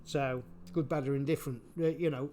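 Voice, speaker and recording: A man giving casual spoken commentary, halting and repeating his words, chuckling often. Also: mid-range voice, steady tone, dark tone. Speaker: vlogger.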